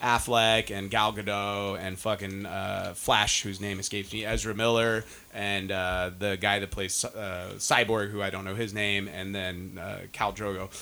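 A man hosting a podcast, an excitable storyteller who swears freely in casual chat. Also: lowish voice, unhurried, few pauses. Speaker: podcast host.

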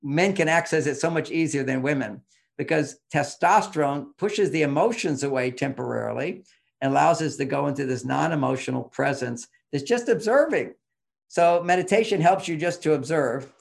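A man's voice: a little high, moderate pace, creaky. A man explaining relationship advice in an interview, emphatic and teacherly, pushing his voice up on key points.

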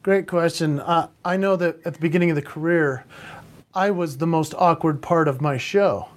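A man in his forties, a guest entertainer in an interview, animated and quick to laugh. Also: fairly high pitch. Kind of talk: casual interview chat.

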